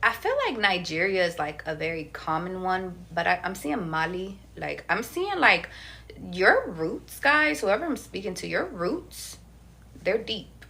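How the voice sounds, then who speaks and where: A woman's voice: on the low side, expressive, normal speed, gravelly, few pauses, sharp tone. A young woman giving a casual livestream tarot reading, chatty and slangy, swearing casually. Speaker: tarot reader.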